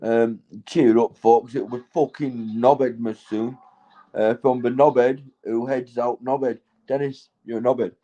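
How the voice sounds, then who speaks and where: A British man, high, rambling loosely and laughing between crude remarks while chatting on a livestream. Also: steady tone, measured pace, warm tone, dull audio. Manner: rambling, sweary, laughs often. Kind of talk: rambling casual livestream chat.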